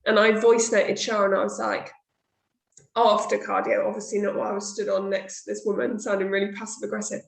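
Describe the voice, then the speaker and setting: A woman chats candidly as a podcast host, acting out her own past remarks. Her voice sits at a middling pitch, and the room adds a clear echo. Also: quick pace. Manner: candid, chatty, quotes herself often. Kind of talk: casual chat. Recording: roomy echo.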